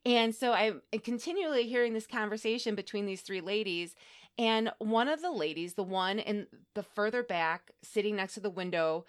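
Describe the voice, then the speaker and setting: A woman of ordinary pitch co-hosts a casual podcast and tells a personal story. She is animated, laughs through her lines and swears freely. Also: moderate pace, clean tone. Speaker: podcast co-host.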